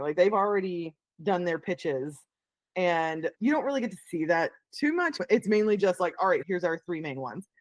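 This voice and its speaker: A woman's voice: on the low side, no room sound. A middle-aged woman guest telling a story in a casual interview, acting out the voices she quotes.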